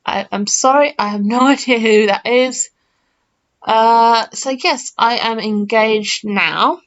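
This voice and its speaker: A woman's voice: fairly high pitch, slow. A woman in her early twenties, telling a story to camera in a chatty, rambling way full of fillers and restarts. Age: early 20s. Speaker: gaming channel host. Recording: slightly muffled lo-fi mic.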